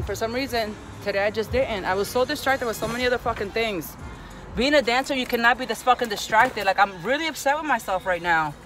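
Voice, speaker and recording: A woman with a fairly high, fairly bright voice vlogs outdoors at night near a gas station, with traffic noise around her. In a casual monologue she curses, scolds herself, and bluntly lectures her viewers.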